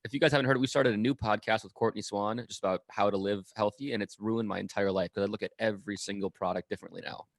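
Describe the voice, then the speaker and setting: A man co-hosting a podcast, excitable and enthusiastic in casual banter, swearing now and then. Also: on the low side, fast, few pauses, no room sound. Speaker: podcast co-host.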